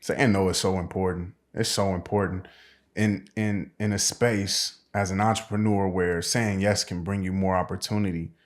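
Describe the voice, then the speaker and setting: A man hosting a podcast, asking questions in a relaxed, affirming way with plenty of slang. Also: low voice, moderate pace. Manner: relaxed, affirming, says bro a lot. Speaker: podcast host. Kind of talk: casual interview chat.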